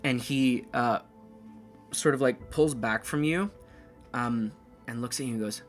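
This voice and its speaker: A man narrating as game master of a tabletop game, talking in a lively way with many fillers. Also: mid-range voice, unhurried, soft background music.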